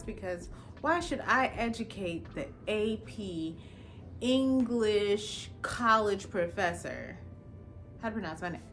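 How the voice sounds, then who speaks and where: A woman who works as an attorney telling a personal story in a casual, animated way, with emphatic rhetorical questions. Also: mid-range voice, slight background noise. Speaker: attorney and vlogger.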